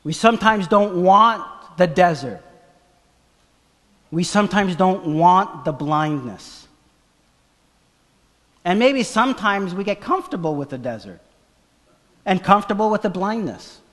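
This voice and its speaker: A man preaches with a fairly high voice, dropping to hushed tones and then climbing to excited shouts as he acts out the story. His sermon rings with the long reverb of a church hall. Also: a little slow, long pauses. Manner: dramatic, swings from hushed to shouting. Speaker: pastor.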